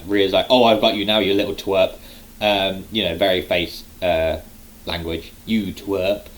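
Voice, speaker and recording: A man's voice: lowish voice, poor audio. A man casually recapping a wrestling show, rambling with lots of fillers like um and like. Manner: rambling, heavy use of um and like. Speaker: wrestling reaction vlogger.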